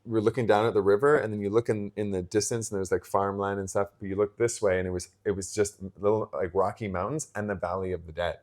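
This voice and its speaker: Low-voiced man telling travel stories. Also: steady tone, fast talker, few pauses, darkish tone. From Pacific Northwest coast. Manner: reflective, storytelling with many fillers and restarts. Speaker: podcast co-host. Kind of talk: casual chat.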